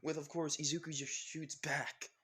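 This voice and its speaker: A young man with a bright, clear voice tells a homemade story casually. He rambles, restarts and leans on fillers as he goes. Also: fairly high pitch, flat delivery, normal speed. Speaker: channel host, storyteller. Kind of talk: casual fan-story narration.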